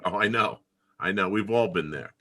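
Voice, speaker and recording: Man in his fifties, low and bright voice, co-host, storytelling, video call. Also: normal speed. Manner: animated storytelling, acting out quotes. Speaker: podcast co-host, former player. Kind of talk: casual video-call interview.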